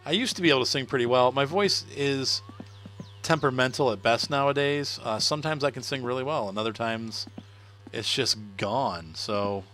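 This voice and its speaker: A middle-aged gaming livestreamer chats casually while playing, laughing often and responding to viewer comments. His medium-pitched voice moves at normal speed and sounds pushed and bright, with faint music in the background.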